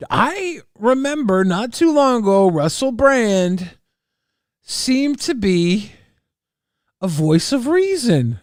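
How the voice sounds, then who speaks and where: A man streaming live, reacting to clips with brash jokes and loud rhetorical questions. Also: high-pitched, sing-song, slow pace, no echo, studio quality.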